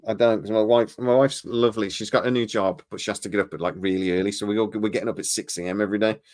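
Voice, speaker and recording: A man's voice: on the low side, fairly even intonation, very fast, darkish tone. A tired man co-hosting a podcast, chatting casually and stammering as he rambles. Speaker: podcast co-host. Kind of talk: casual chat.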